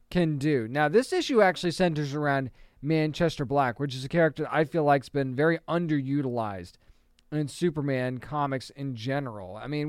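An eager man talking through comic books in a casual, chatty way, stumbling over words now and then. His voice is smooth and clear, sits a bit higher than most men's, and is recorded close and dry with no room sound. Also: no echo. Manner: enthusiastic, chatty, with restarts and small laughs. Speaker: comic book reviewer. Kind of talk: casual review monologue.

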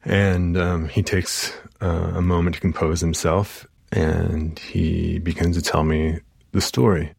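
A man, a therapist, telling an emotional story from a session, halting with many fillers and restarts. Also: low voice, level tone, vocal fry, a little mellow, husky, no echo, studio quality. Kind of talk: personal storytelling.

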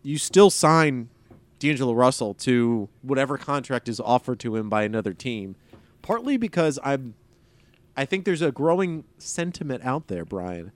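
A man co-hosting a sports podcast, chatting casually with plenty of fillers and a wry, rambling flow. His voice sits at an ordinary middle pitch, captured on a close mic with a dry sound and hardly any room echo. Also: very animated, moderate pace. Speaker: podcast co-host.

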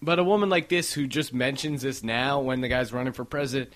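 A man hosting a casual comedy podcast, joking with quick asides and laughing often. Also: medium pitch, a bit bright. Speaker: podcast host.

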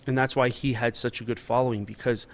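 A man's voice: medium pitch, little pitch movement, fast talker. A man in his forties, a restaurant owner and chef, talking casually and animatedly in an interview, with many fillers and restarts.

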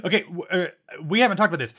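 A man co-hosting a podcast, with a fairly high and very bright, forceful voice. He chats casually, restarts his sentences often and trades jokes. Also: animated, very fast. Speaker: podcast co-host. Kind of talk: casual chat.

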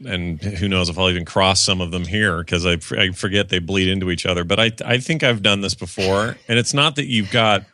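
A man with a lowish but bright, crisp voice tells stories in a relaxed chat. He explains at an easy pace and switches to a high falsetto when quoting strangers. The mic is close and dry. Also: brisk, few pauses, dry recording. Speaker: podcast co-host. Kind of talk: casual chat, storytelling.

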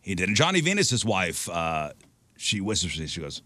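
Animated man telling a rambling story. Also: low-pitched, brisk, no room sound. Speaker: radio show host. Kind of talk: casual chat.

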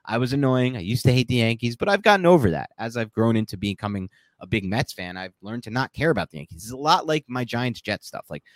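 Animated opinionated male sports host. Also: medium pitch, fast talker, hardly any pauses, dry recording. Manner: animated, opinionated, laughs mid-sentence. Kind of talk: casual sports talk.

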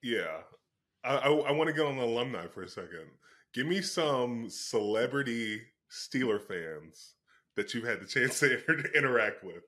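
A man hosting a podcast, telling a story in a casual, animated way and laughing as he talks. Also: mid-range voice, moderate pace. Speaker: host.

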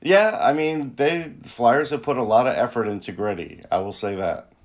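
Male podcast co-host, mid-pitched, laid-back delivery with dry wry jokes. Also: normal speed. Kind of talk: casual sports chat.

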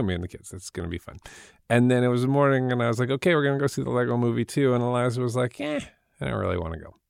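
A man telling a casual weekend story with a gravelly voice, often restarting his sentences. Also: lowish voice, dry recording, studio quality. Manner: halting, repeats words as he starts. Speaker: podcast co-host.

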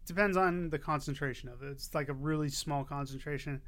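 A man's voice: fairly high pitch, fairly even intonation, brisk, a bit bright. A man co-hosting a podcast, bantering playfully about comics and his day. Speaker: podcast co-host. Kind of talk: casual comics chat.

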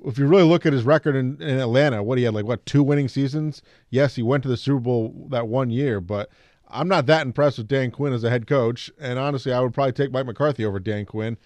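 A man weighing in on football coaches with hesitant, halting talk. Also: medium pitch, a little mellow, no room sound. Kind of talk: casual sports analysis.

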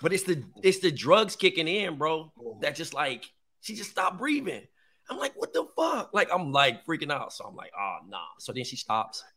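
A man's voice: a little high, lively intonation, moderate pace, bright, forceful tone. A man in his thirties, a podcast co-host, telling a personal story in casual chat, full of slang and swearing. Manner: candid storytelling, heavy slang and profanity.

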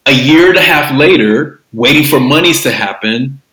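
Male creative guest: bright tone, loose rambling delivery, roomy echo. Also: medium pitch, lively intonation, normal speed. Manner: rambling, with many fillers and restarts. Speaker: filmmaker guest. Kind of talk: casual interview talk.

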